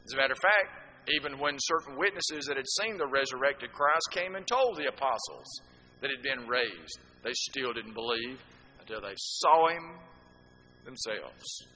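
A man's voice: medium pitch, lively intonation, normal speed, sharp tone. A man preaching a sermon to a congregation, asking rhetorical questions and throwing in asides to the listeners. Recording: echoey hall with faint background noise.

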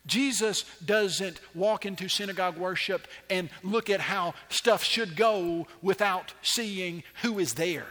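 A male pastor preaching an animated sermon with dramatic pauses and rhetorical questions. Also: sits high, long reverb tail.

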